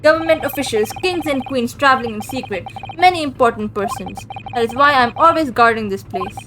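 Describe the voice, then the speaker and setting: A woman's voice: a little high, lively intonation, fairly quick, background noise, close to an everyday voice. Woman doing a surly sailor. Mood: gruff. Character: gruff, surly burly male sailor guard. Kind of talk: reading a visual novel aloud.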